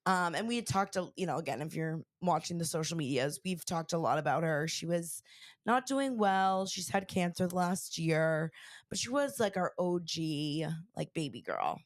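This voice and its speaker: A woman's voice: fairly low pitch, lively intonation, moderate pace, no room sound, clean studio sound. Chatty woman host, recovering voice. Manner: chatty, rambling, lots of fillers. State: recovering from lost voice. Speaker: podcast host. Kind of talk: casual chat.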